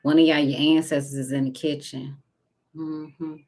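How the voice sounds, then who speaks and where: A woman giving a casual spiritual tarot reading, talking intimately to viewers and calling them baby and honey, sometimes dropping to a soft whisper. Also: low voice, little pitch movement, moderate pace. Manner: intimate and chatty, calls listeners baby and honey. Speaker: tarot card reader.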